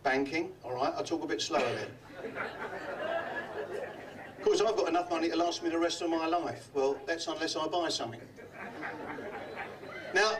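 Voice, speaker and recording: An older man from London doing a comedy magic act in a hotel function room, chatty and teasing the audience with quick gags. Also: fairly high pitch, distant mic, crowd noise. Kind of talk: live club comedy act.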